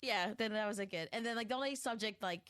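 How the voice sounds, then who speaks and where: Woman, mid pitch, animated, playful, casual chat, dry close sound. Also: fast talker, dry recording. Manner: animated, playful, acts out family members' voices. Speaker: podcast co-host.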